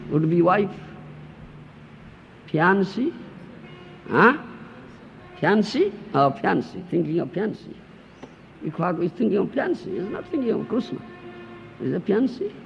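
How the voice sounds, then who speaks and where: This spiritual teacher, a gravelly, animated man whose first language isn't English, gives a scripture lecture with Q&A, teasing playfully, acting out the attached householder and posing rhetorical questions. His voice is high-pitched and unhurried, with frequent pauses. The dull lo-fi 1992 tape carries faint hiss and faint music behind him.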